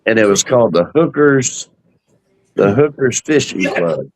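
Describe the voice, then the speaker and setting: A man's voice: on the low side, unhurried, slight background noise, poor audio. A man, chatting casually and telling stories with plenty of fillers. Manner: storytelling, relaxed with fillers. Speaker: host. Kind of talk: casual chat.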